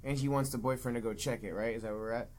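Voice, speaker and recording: A man's voice: medium pitch, fairly even intonation, rapid-fire. A man co-hosting a casual movie-review podcast, talking in a laid-back way full of "like" and "yeah.". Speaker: podcast co-host.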